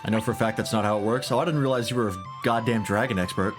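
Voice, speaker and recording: A man's voice: on the low side, fairly even intonation, racing. A man giving casual, irreverent let's-play commentary while playing a game. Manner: joking, irreverent. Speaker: gaming streamer. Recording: game music behind voice. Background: game music.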